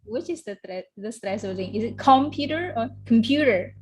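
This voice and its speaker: A woman's voice: mid-range voice, fairly quick, mellow. A woman with an Indonesian accent teaching English vocabulary in a classroom, having students repeat words after her. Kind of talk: classroom lesson.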